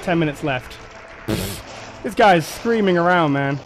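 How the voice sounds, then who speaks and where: A high-voiced man talks through his game run in a loose, rowdy let's-play style. His pitch swings widely as he jumps between muttering and yelling, and a faint hiss sits under the recording. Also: measured pace, poor audio. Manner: excitable, swears, shouts and laughs at the game. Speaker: gameplay commentator.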